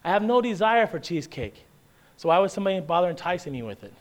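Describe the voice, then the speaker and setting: A man's voice: high-pitched, very animated, fast talker. A man preaching a sermon in a conversational way, often asking his listeners "right?" and "okay?" and repeating words for emphasis. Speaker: pastor.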